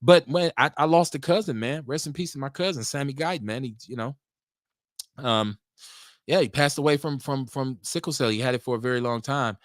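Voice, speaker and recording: Middle-aged man, solo podcast host, rambling and animated, mid pitch, dry close sound. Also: fairly quick, dry recording. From Milwaukee, USA. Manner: rambling, talkative, lively swings in pitch. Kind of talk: casual solo talk show.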